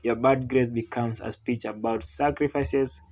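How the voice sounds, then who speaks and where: A man's voice: medium pitch, steady tone, unhurried, a little mellow, poor audio. Man narrating comic parenting stories. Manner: storytelling, mimics Caribbean mothers. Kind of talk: scripted comedic narration.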